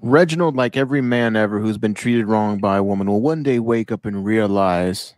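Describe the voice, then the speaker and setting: A man's voice: lowish voice, a little fast, few pauses, a little mellow, no room sound. A man co-hosting a casual wrestling podcast, ranting bluntly and swearing freely. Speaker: podcast co-host.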